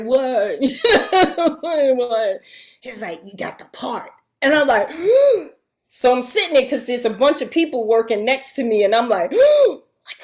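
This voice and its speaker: A middle-aged woman, a guest actress, telling a story in a casual, animated way, acting out the voices of other people and laughing often. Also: a little high.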